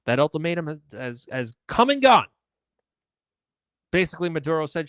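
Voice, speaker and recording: A man rants through a solo political live stream with biting sarcasm and open indignation. His voice sits fairly high and swings up and down with lively emphasis. The sound is close and dry, with no room around it. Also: moderate pace, no echo. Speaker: political commentary host.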